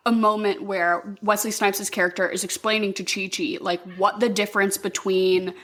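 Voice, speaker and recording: A woman co-hosts a casual film podcast. Her pitch sits in the middle range, and she talks in a loose, chatty way as she recaps scenes. She sounds easygoing and conversational. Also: level tone, normal speed, fairly bright tone. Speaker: podcast co-host. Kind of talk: casual film-review chat.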